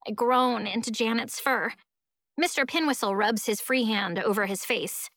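Expressive woman reading a storybook. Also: a little high, moderate pace, dry recording, studio quality. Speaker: audiobook narrator. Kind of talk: first-person storybook narration.

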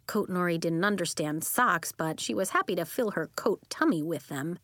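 A woman reading a children's story aloud as narrator, in an expressive, animated way. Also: fairly low pitch, normal speed, hardly any pauses, no echo, studio quality.

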